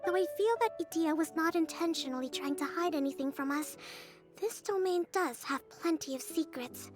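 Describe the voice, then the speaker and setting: Kokomi, a gentle high-voiced priestess. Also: female voice, over music. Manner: soft, measured and gentle. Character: calm young female priestess and strategist.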